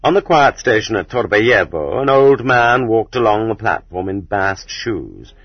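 Low husky man reading an audiobook. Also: dry recording. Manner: steady, measured reading that rises sharply for quoted shouts. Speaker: audiobook narrator. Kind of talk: scripted narration. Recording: dull lo-fi cassette audio.

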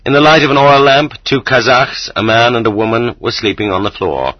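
A man reading a first-person story aloud as an audiobook, in a steady, measured manner. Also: medium pitch, dry recording. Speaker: audiobook narrator. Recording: slightly dull lo-fi recording.

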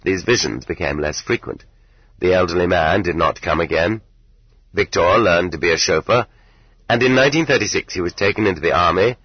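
A man narrating an audiobook in measured, even storytelling. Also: low voice, slightly rough, no room sound, dull audio. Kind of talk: scripted narration.

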